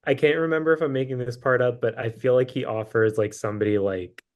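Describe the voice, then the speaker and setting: A man's voice: medium pitch, fairly even intonation, quick pace, phone-quality sound. A man appearing as a podcast guest who tells a road story in a casual, rambling way, full of fillers. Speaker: musician guest.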